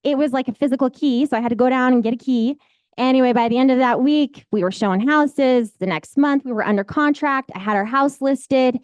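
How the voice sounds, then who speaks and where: A woman in her forties tells her life story with candid, rambling emotion. Her voice sits a little high, and the sound is dry and close, with no room around it. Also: a little fast, clean tone, dry recording. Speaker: real estate agent. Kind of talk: personal storytelling.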